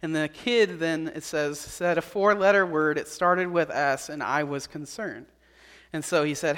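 Male pastor, high voice, earnest sermon delivery, long reverb of a church hall. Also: measured pace, fairly bright tone. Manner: earnest, repeats key points, small restarts.

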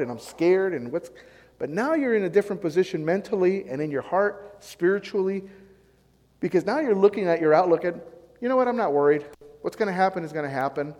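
A man preaching a sermon as pastor, asking the congregation questions and answering them, with swings between loud and quiet emphasis. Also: high voice, big-room sound. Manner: call-and-response preaching, rising and falling emphasis.

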